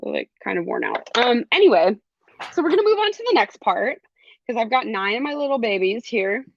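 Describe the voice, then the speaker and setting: A woman's voice: fairly high pitch, very animated, brisk, gravelly, no echo, muffled recording. A young adult woman teaching a live beading class, chatty, with frequent ums and laughs. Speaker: jewelry class instructor. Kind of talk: live online craft class.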